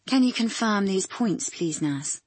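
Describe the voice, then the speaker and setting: A woman's voice: medium pitch, expressive, measured pace, slightly rough, no room sound. A woman voicing a condescending, sarcastic male psychiatrist in an audiobook. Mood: curt. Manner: sarcastic, belittling.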